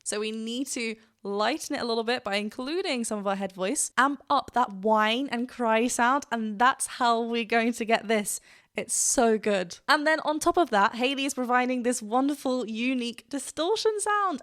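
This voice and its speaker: A woman's voice: fairly high pitch, fairly bright tone. A woman vocal coach reacting to a song and explaining singing technique in an enthusiastic, explanatory way, laughing often.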